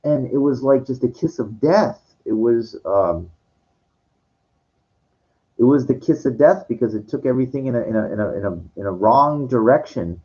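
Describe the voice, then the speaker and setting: Brief: male host, dark mellow voice, passionate stop-start rant, dull lo-fi recording. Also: medium pitch, expressive. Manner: halting and repetitive, passionate. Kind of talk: rambling movie rant.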